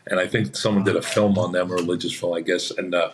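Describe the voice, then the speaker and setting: A man's voice: low voice, flat delivery, fast, a little hiss or hum. A man, an actor on a podcast, telling rambling anecdotes in a chatty way and acting out what others said. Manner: chatty, acts out quoted voices. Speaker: actor guest.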